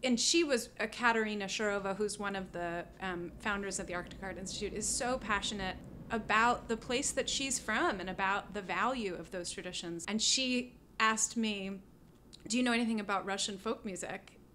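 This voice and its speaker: A woman guest on an interview podcast, telling stories in a casual, animated way, full of fillers and laughs. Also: medium pitch, normal speed, a little hiss or hum. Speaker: guest musician.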